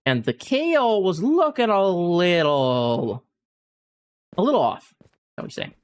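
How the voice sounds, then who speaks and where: A male streamer spins a funny anecdote in an easy, chatty way. His pitch swings high and low as he tells it. He keeps slipping into bursts of laughter. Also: measured pace, clean tone. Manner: animated anecdote-telling, often breaking into laughter. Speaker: gaming streamer. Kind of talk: casual storytelling while streaming.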